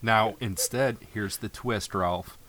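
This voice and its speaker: A man's voice: fairly low pitch, takes it slowly, a bit bright. A man hosting a casual podcast chat, recapping an episode with laid-back asides. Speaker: podcast host.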